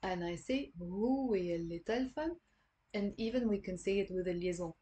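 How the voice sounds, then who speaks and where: A woman with a Lebanese accent giving an online language lesson, patiently repeating words slowly for learners. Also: mid-range voice, animated, mellow. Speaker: Arabic dialect teacher.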